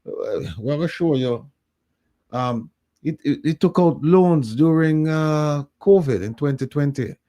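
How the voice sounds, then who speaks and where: A man's voice: on the high side, measured pace, mellow. A man with a Jamaican accent hosting a live call-in talk show, emphatic and repeating his points.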